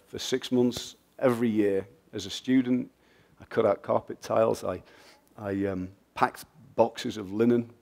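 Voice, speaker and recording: English guy, middle-aged, chatty fired-up speaker cracking jokes, plain mid voice. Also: mid-range voice. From England. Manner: lively, joking, blunt and motivational, often laughing. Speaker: guest speaker. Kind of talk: festival talk and audience Q&A.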